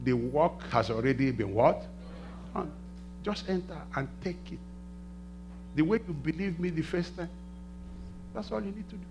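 A middle-aged man preaching a sermon in a church, asking the congregation to finish his sentences and swinging between hushed and loud passages. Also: on the high side, expressive, moderate pace, pauses often, noisy background. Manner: call-and-response questions to the congregation. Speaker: pastor.

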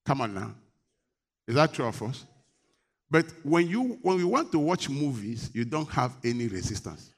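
A middle-aged man from Nigeria preaching a sermon as pastor, animated and joking, teasing his congregation. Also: mid-range voice, normal speed.

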